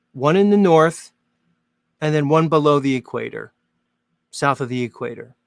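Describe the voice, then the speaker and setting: Chatty man with a gravelly voice. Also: a little high, no room sound. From Northern Hemisphere. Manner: chatty, rambling, jokey, many "like" fillers. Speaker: host. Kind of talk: casual monologue to viewers.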